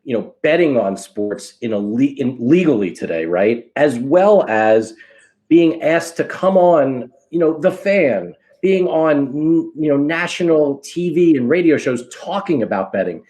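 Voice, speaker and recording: A man's voice: on the high side, expressive, unhurried, a little mellow. A man hosting a podcast interview, asking questions in an enthusiastic, casual way. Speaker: podcast host.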